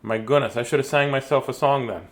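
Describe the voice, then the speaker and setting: Reading children's books aloud with plenty of banter, a man in his fifties speaks quickly in a mid-range voice. He plays the goof, breaking into silly rhymes and chatting with jokes between pages.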